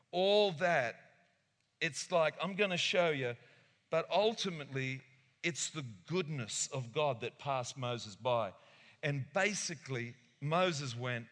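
A man delivers an animated sermon, slipping into voices for little acted-out chats. His tone is bright and forceful, pitched a touch high. The sound rings with the long reverb of a hall. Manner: animated, acts out voices, laughs often. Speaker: pastor. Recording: echoey hall.

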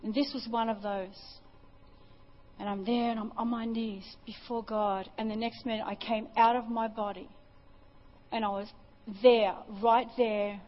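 Woman preaching a sermon, fervent, repeats herself, kinda high voice, muffled lo-fi church tape. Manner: impassioned testimony, repeats phrases. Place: church service.

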